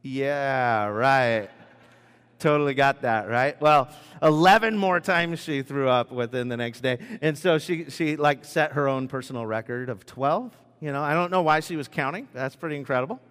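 The sanctuary's long reverb surrounds a middle-aged pastor as he preaches in a chatty, humorous style, often restarting his thoughts. His voice is clean, fairly bright, and medium in pitch, at a normal speed.

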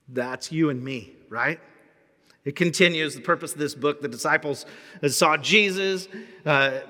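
A man pastor preaching a sermon in an animated, humorous storytelling way. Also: fairly high pitch, long reverb tail.

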